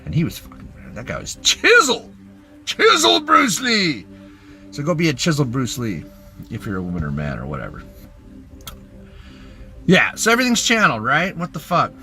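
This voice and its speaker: A young man rants in a bright, forceful voice, swearing constantly as he rambles between big hype and muttered asides. His pitch swings widely from line to line, and he sounds like a loose self-help pitch clipped from a social video. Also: huge pitch swings, fairly quick, pauses often, faint music behind. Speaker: TikTok ranter. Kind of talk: profane self-help rant.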